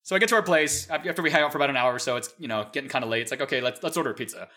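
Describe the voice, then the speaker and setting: A man in his thirties telling a story in casual chat, animated and exasperated, swearing freely. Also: mid-range voice, racing.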